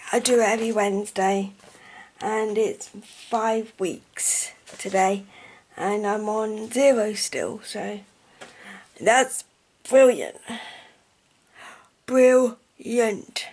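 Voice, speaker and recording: A woman's voice: mid-range voice, slightly rough, low-quality recording. A woman chatting casually to camera in a vlog from her bedroom, rambling and affectionate. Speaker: vlogger. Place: bedroom at home. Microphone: handheld camera.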